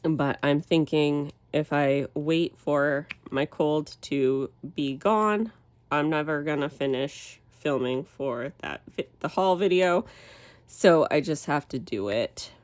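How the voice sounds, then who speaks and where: A low-pitched woman talks in a slow, unhurried way as she chats while crafting. A cold leaves her voice stuffy and nasal. She rambles and restarts her sentences in a relaxed manner. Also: no echo. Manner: rambling, relaxed, self-correcting. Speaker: crafting channel host. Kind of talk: casual chat while crafting.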